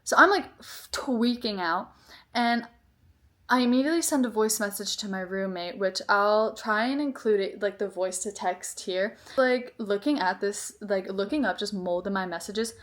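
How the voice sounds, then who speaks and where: A woman's voice: mid-range voice, moderate pace. Young woman vlogger, storytime, rambling and exasperated, filler-heavy. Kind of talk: storytime vlog.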